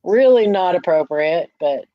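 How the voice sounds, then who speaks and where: A woman's voice: on the low side, expressive, measured pace, no room sound, muffled recording. A woman hosting a casual live morning stream, playful and giggly, repeating words and reading chat comments aloud.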